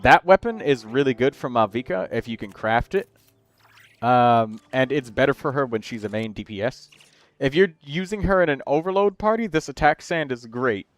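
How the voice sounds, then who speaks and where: A man's voice: medium pitch, expressive, soft background music. A man hosting a game livestream, chatting casually and rambling through build advice. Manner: chatty, rambling, quick asides to chat.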